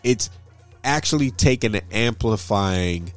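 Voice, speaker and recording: A man co-hosting a casual chat, talking in an earnest, measured way and restarting phrases. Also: lowish voice, lively intonation, soft background music.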